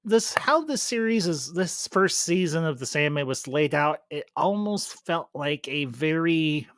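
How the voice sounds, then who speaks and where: A man's voice: fairly high pitch, expressive, measured pace, fairly bright tone, no room sound, studio quality. A man hosting a casual review stream, chatting with enthusiasm and restarting his phrases often. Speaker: YouTube reviewer.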